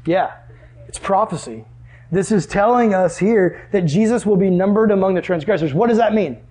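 Young male Bible teacher, high voice, lively and questioning, classroom lesson. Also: moderate pace. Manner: animated, asks the class questions.

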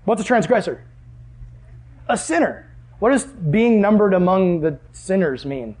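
Young male Bible teacher, high voice, lively and questioning, classroom lesson. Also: a little slow. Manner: animated, asks the class questions.

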